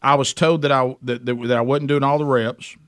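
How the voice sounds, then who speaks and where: A man in casual chat, telling an animated story and often stumbling over repeated words. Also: medium pitch, a little fast, clear, resonant tone, dry recording, clean studio sound. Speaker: storyteller guest.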